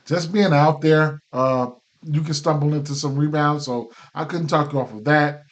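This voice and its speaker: A man's voice: a little high, fairly even intonation, normal speed. A man hosting a casual sports betting picks show, talking loosely with many fillers and restarts, and he has the hiccups. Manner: loose, filler-heavy, repeats himself.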